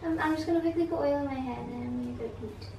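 A woman talking quietly and softly, half whispering at times, in a bedroom at home. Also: high-pitched, racing, a crowd in the background. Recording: distant voice over clear background noise.

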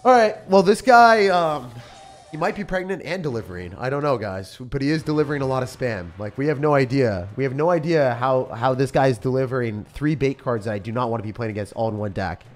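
A young man giving live commentary on his game as a streamer, swinging between loud outbursts and low muttering. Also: animated, fast. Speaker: gaming streamer. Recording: faint music behind voice.

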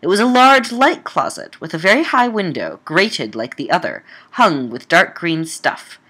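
Woman reading a Gothic novel, lively pitch. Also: moderate pace, breathy edge. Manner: dramatic reading broken by wry, casual comments. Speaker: audiobook reader and podcast host.

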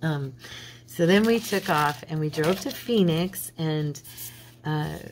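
Deep-voiced and slow, a woman running a craft channel chats while crafting at her home table, rambling through a story. The recording is low quality, with a little hiss or hum.

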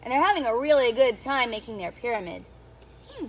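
A woman who is a children's storyteller, reading a picture book aloud to young children in an animated teacher's voice that keeps asking them questions. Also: on the high side, fairly quick, slight background noise. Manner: animated, sing-song teacher talk with questions to the kids.

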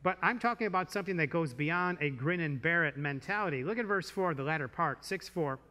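Male pastor, bright and slightly high, conversational sermon delivery, long church reverb. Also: animated, a little fast. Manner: conversational preaching with rhetorical questions. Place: church sanctuary.

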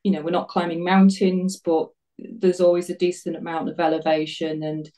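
Chatty woman guest, low and mellow, distant-sounding. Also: flat delivery, moderate pace. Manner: chatty, self-deprecating, laughs often. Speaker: interview guest, runner. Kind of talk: casual interview chat.

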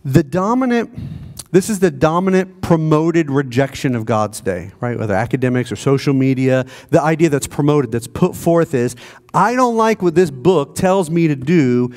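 A pastor preaching a sermon in a conversational way, asking the congregation rhetorical questions. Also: male voice, on the high side, lively intonation, moderate pace, darkish tone. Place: church.

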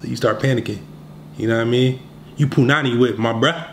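A man hosting a casual vlog as a dating coach, talking straight to viewers in slangy, animated speech. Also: mid-range voice, a little fast, a little hiss or hum. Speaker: dating coach, channel host.

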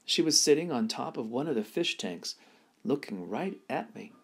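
A man reading a children's novel aloud in an expressive storytelling manner. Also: mid-range voice, moderate pace, husky. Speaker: reader.

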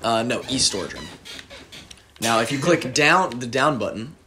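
A man's voice: mid-range voice, lively intonation, moderate pace, pushed and bright. A young man playing a video game and chatting casually with friends, walking them through each step as he goes. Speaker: gameplay commentator. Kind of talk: casual let's-play chat. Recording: faint background noise.

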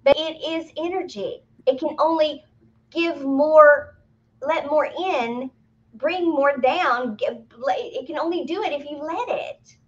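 This spiritual medium co-host speaks a little slowly in a fairly high voice, giving casual spiritual teaching talk. Her explanations are easygoing and sprinkled with playful, excited outbursts, heard through slightly muffled, lo-fi audio.

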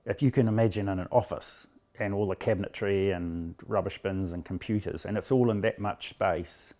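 A man's voice: sits low, fairly even intonation, normal speed, mellow. A middle-aged man with a New Zealand accent, recounting a rescue in plain, blunt words during an interview. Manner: plain-spoken, blunt storyteller.

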